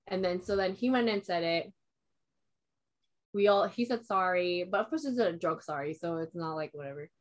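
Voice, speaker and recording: A young woman with a fairly low-pitched voice recounts a personal story in easygoing, unscripted conversation. She rambles along, leaning on "like" and acting out quoted lines from herself and others. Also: moderate pace. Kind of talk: casual chat.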